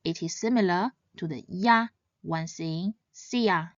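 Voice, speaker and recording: Lady reading a pronunciation lesson, slow careful delivery, stresses each sound. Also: lowish voice, no room sound, dull audio. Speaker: language teacher.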